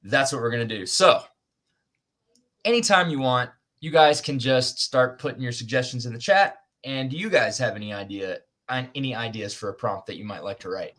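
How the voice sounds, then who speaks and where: A man with a medium-pitched, expressive, slightly bright voice hosts a writers' livestream over a video call at a moderate pace. It's casual chat, and he's chatty and self-deprecating, joking as he goes.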